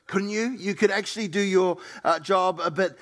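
A middle-aged male pastor telling a story in a sermon, animated and acting out the people he quotes. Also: normal speed. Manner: animated, acts out quoted people with raised pitch.

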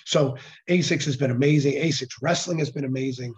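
A hoarse man, a nonprofit director, talking earnestly in a casual interview and often restarting his sentences. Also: medium pitch, brisk. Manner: earnest, with frequent restarts and fillers. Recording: dull lo-fi sound.

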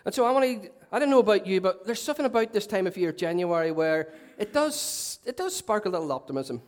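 A man's voice: high voice, lively intonation, fast. A man preaching a sermon to his church, chatty and self-mocking with joking asides. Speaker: pastor. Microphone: handheld mic.

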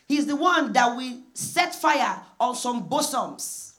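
A woman's voice: high voice, expressive, moderate pace, hardly any pauses. A woman preaching a sermon, repeating points emphatically and acting out quoted prayers. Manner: emphatic repetition with call-and-response; acts out prayers in quoted voices.

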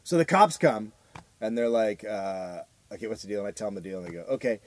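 A man co-hosting a comedy podcast, telling a long story in a deadpan way and acting out the voices of the people in it. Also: lowish voice, fairly quick. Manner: deadpan storyteller who acts out the voices of the people in his stories. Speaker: podcast co-host.

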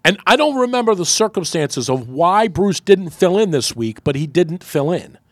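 A man's voice: normal speed, no echo, studio quality. A man, a radio host, telling a story in casual chat and acting out the quotes. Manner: animated storyteller, acts out quotes with big pitch jumps.

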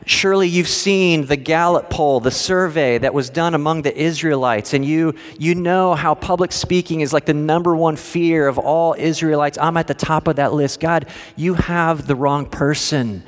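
A man's voice: on the high side, normal speed, hardly any pauses, in a large hall, voice pushed up, natural voice. A man doing a nervous, self-doubting man pleading excuses. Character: anxious reluctant man pleading excuses to God.

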